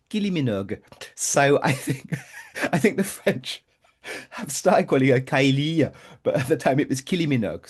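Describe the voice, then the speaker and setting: A man co-hosting a podcast in casual chat, playful and quick to laugh. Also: mid-range voice, breathy edge. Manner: animated, laughs often, playful asides. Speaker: podcast co-host.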